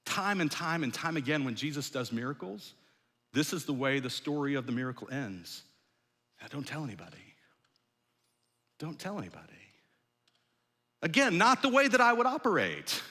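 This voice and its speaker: A man, a pastor, preaching a sermon in a conversational storytelling way that often drops soft and low. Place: large church hall. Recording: long hall reverb.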